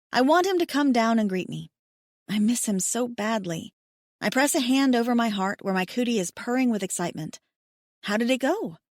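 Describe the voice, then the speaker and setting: A woman narrating a first-person romance audiobook in an expressive, intimate manner. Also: on the high side, no echo, clean studio sound.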